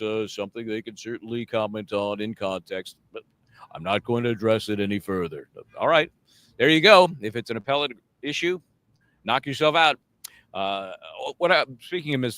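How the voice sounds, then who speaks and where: In a lowish voice on a dry recording, a man co-hosting a trial discussion offers chatty, wry commentary. He imitates what others said using animated voices.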